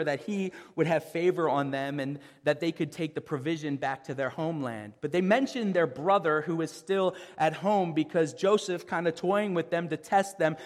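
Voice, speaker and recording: High-voiced man preaching in a reverberant hall. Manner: conversational, with frequent restarts and "like". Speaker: pastor. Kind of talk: sermon.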